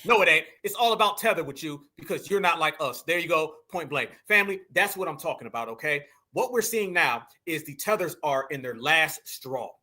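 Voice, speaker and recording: A man's voice: on the high side, lively intonation, fairly quick, few pauses, bright, forceful tone. A man with a Southern US accent hosting a commentary show, reacting to a clip in a scornful, preachy way and calling his viewers family. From Southern United States. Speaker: commentary channel host.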